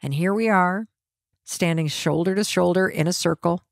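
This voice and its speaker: Lower-voiced woman telling a personal story. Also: moderate pace, creaky, dry recording, clean studio sound. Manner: animated, acts out quoted family dialogue. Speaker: podcast host.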